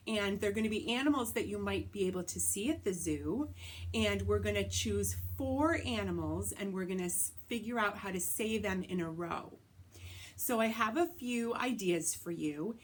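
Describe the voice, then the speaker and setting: A woman music teacher leads a recorded lesson for young children. She explains each step patiently and clearly, and she speaks the rhythm syllables aloud so the children can follow. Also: mid-range voice.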